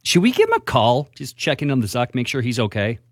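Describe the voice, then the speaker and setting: A man's voice: mid-range voice, huge pitch swings, a little fast, heavy background noise. A man hosting a morning radio show, chatting casually in a wry, joking way as he sets up a comic bit.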